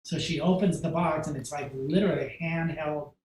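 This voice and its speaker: A man's voice: on the high side, echoey room, slight background noise, low-quality recording. A man from the United States telling a long personal story with animation, acting out other people's lines and whispering his inner thoughts, with many "like" fillers. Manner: acts out quotes, drops to a hush for inner thoughts; many "like" fillers, fast and emotional.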